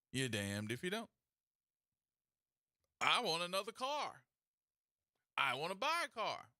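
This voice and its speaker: A man hosting a call-in radio talk show, telling stories in a folksy, animated way. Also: fairly high pitch, no room sound, studio quality. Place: radio studio. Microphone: studio mic.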